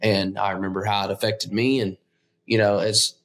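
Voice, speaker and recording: Lowish-voiced man, halting and agreeable. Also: level tone, a bit bright. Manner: agreeable, halting, many restarts. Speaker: guest musician. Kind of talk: casual conversation.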